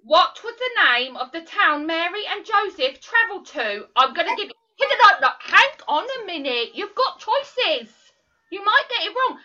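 A woman's voice: very high-pitched, sing-song, bright, forceful tone, exaggerated voice. A woman voicing a bossy, fussy older lady character who scolds and takes over in a comic church sketch. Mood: brisk quizzing. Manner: brisk, bossy, scolding yet doting. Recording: muffled lo-fi recording.

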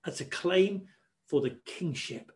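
A man preaching a sermon, expressive and varied, acting out quoted voices and shushing as he tells the story. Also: high voice, takes it slowly.

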